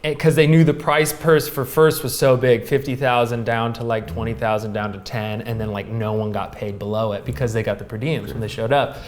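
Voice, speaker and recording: A man in his thirties, a guest in a casual interview, telling a story in a lively way with many fillers. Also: mid-range voice, fairly quick, hardly any pauses. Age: 30s. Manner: animated, laughing, filler-heavy storytelling. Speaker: guest, pro snowboarder.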